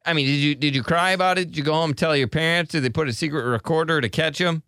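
A man's voice: on the high side, fast talker, pushed and bright, smooth, no room sound, clean studio sound. A man hosting a call-in radio show, with joking, teasing banter for his callers. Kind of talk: casual call-in radio talk.

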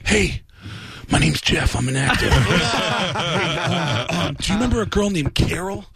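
A man's voice: fairly high pitch, expressive, vocal fry, crowd noise. A man voicing an eager young male actor who pushily gushes at a celebrity. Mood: gushing. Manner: fast, gushing, pushy.

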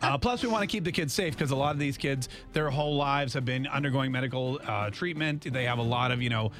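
A man's voice: medium pitch, fast, fairly bright tone, faint music behind. A man hosting a morning radio show, chatting casually and upbeat with lots of fillers. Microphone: studio mic.

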